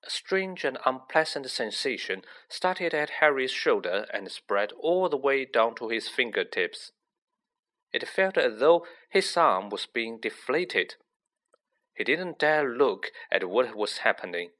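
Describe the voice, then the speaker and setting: A man reads a children's fantasy novel aloud in slow storybook narration. He lets his pitch rise and fall freely. His tone is bright and crisp. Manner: slow, lively, expressive reading. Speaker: audiobook reader.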